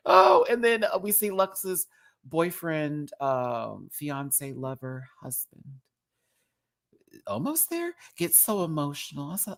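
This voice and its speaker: A sassy man from Texas reviews a drag show in a loose, chatty vlog, full of drag slang. His voice is bright and forward, and his pitch swings up and down in a lively, animated way. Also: slow, pauses often. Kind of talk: casual commentary vlog.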